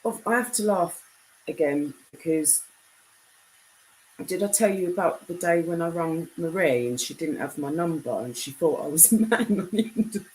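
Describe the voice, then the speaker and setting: British woman, deep low voice, chatty live streamer, faint background hiss. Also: animated, normal speed, a little mellow, low-quality recording. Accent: British English. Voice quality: deep voice mistaken for a man's on the phone. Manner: chatty, reads comments aloud. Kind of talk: casual live stream chat.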